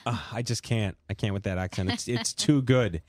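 Jokey New York talk-show host. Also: male voice, on the low side, no room sound, clean studio sound. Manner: rambling, jokey, quick asides. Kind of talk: casual talk-radio banter.

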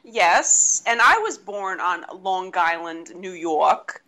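Woman podcast co-host, bright tone, lively pitch, chatty. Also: slow. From Boston area, Massachusetts. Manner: chatty, explains at length. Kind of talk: casual chat.

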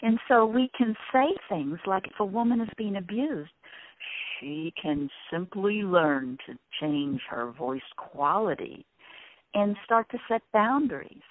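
A woman's voice: mid-range voice, expressive, measured pace, no echo. A woman guest in an interview, explaining ideas and shifting her tone to show different ways of speaking. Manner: demonstrates voices by shifting tone. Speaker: sound healing guest. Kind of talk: interview conversation. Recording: tinny phone-like line, dry.

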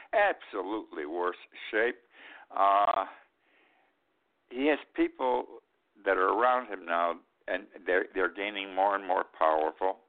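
An older man hosting a talk show, giving an indignant, emphatic political commentary and repeating his points. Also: deep voice. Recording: tinny phone-like line.

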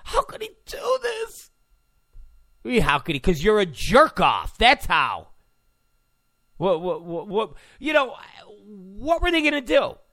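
A man's voice: sits high, very animated, unhurried, bright, forceful tone. A man ranting sarcastically as a political commentator, mocking and full of insults.

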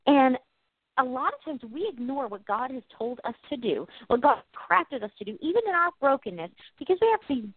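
Brief: earnest middle-aged woman co-host, high voice, phone-line sound. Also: very animated, brisk, husky, no echo. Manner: earnest, reflective, gently preachy. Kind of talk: casual faith chat. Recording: dry, tinny phone-like audio.

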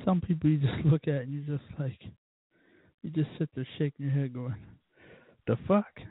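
A man's voice: on the high side, fairly even intonation, a little fast, husky, no echo. A man hosting his own show, ranting bluntly and cussing about people he finds ridiculous. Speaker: podcast host. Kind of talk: profane casual monologue rant. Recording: tinny phone-like dry audio.

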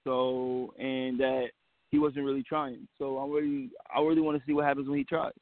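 A man co-hosting a casual online show, easygoing and a little halting as he asks questions. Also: mid-range voice, level tone, dry recording. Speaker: co-host. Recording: dry tinny phone line.

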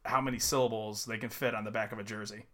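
A young man co-hosting a casual sports podcast, joking and animated. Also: on the low side, fast talker, over a noisy crowd. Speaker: podcast co-host. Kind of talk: casual chat.

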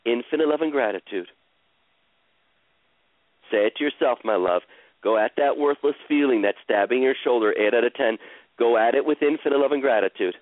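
Over a thin, tinny, phone-like line, a man with a medium-pitched voice leads a caller through a live coaching session. His guidance is slow, soothing, and repetitive, and the sound is dry and close with no room sound.

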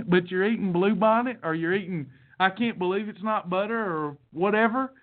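Brief: male podcast host, high voice, preachy motivational delivery, tinny phone-line sound. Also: normal speed. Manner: fervent, repetitive, sermon-like exhortation. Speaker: podcast host and diet program coach.

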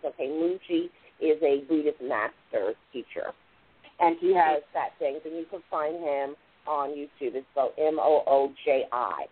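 A woman hosts a spiritual radio show, rambling casually as she explains things and often dropping "like" and "literally." Her voice is low, and the tinny phone-line audio carries a little hiss or hum.

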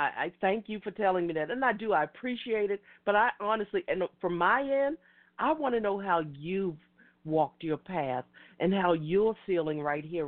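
A woman hosting an internet talk radio show, talking in an effusive, passionate, rambling way. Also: lowish voice. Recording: tinny phone-like line.

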